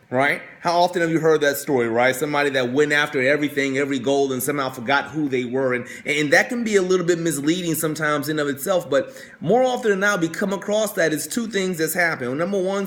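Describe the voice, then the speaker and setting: Slightly high and a touch bright, a male coach's voice carries a story in his motivational talk. He chats along casually, repeating himself and often tossing in "right?" to check on his audience.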